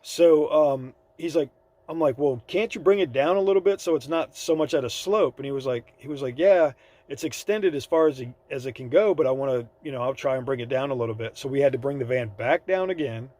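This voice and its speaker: A man's voice: medium pitch, brisk, mellow. A man vlogging in a casual, rambling storytelling way, acting out the people in his story, with plenty of fillers. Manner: rambling, laid-back storytelling with fillers and quoted dialogue. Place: by his van on the side of the road.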